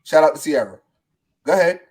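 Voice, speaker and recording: A man's voice: fairly high pitch, lively intonation, a little fast, a little mellow, husky. A man co-hosting a sports podcast, teasing and pushing his point insistently in casual debate. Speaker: podcast co-host.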